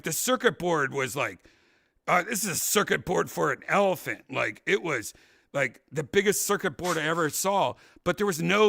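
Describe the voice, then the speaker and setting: A man hosting a casual talk show, rambling through a story and loudly acting out what people said. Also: on the high side, gravelly, no echo, studio quality. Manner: rambling, animated, acts out quotes loudly. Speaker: podcast host.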